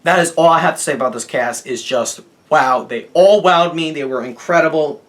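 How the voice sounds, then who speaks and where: A man's voice: fairly high pitch, normal speed, fairly bright tone. Gushing young male movie reviewer. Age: young adult. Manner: gushing, emphatic, asks "okay?" and says "guys" often. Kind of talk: casual video review.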